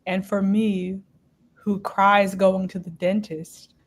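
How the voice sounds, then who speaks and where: A woman's voice: medium pitch, level tone, takes it slowly. A woman chatting on a podcast, telling funny self-deprecating stories. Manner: self-deprecating, comic storyteller. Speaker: podcast guest. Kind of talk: casual chat.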